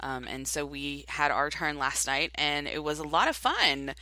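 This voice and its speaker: A woman co-hosting a casual talk show, chatting in an upbeat way with quick asides. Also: low voice, animated, pushed and bright, no echo. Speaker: podcast co-host. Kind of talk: casual chat. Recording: dry close sound.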